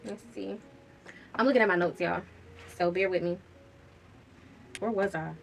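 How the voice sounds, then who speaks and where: A woman's voice: on the low side, unhurried, gravelly, over music. Candid woman telling a personal story. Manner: candid, casual, swears freely. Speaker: vlogger.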